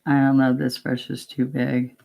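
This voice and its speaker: A woman's voice: a bass voice, monotone, normal speed, creaky. A woman teaching a painting demo, chatting casually step by step and talking to herself as she works. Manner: chatty, talks to herself while working, gently coaxing. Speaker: painting instructor.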